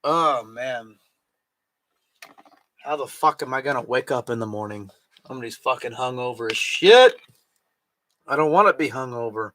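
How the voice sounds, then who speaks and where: Drunk swearing man, slow and slurry. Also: medium pitch, expressive, a bit bright. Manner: slurry, swearing, laughing to himself. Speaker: streamer. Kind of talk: drunk casual livestream chat.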